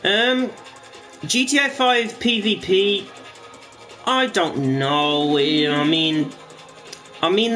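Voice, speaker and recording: A man with a fairly high voice talks loosely to his stream viewers while he plays, rambling along and dropping the odd swear. Faint game music runs underneath him. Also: sharp tone. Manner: rambling, swears casually, frequent restarts. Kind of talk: casual gaming stream commentary.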